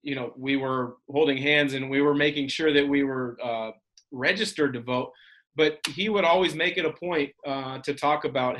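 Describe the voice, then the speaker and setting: A man hosting a podcast, a former player, speaking in a measured, reflective way with some fillers. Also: mid-range voice, fairly even intonation, a bit bright. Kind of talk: casual interview chat.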